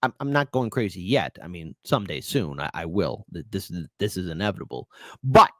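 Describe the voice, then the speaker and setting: A man's voice: deep voice, sing-song, brisk, bright, forceful tone, dry recording, clean studio sound. A man hosting political commentary, ranting in a sarcastic, heated, exclamatory way.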